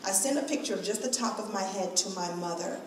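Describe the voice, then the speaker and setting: A middle-aged woman speaking to an event crowd, telling a personal story in an animated way and acting out the voices she quotes. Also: medium pitch, fast, slight background noise. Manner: expressive, acts out quoted voices, laughs often. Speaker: guest speaker at a hair event. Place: large event room. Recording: echoey hall from far off.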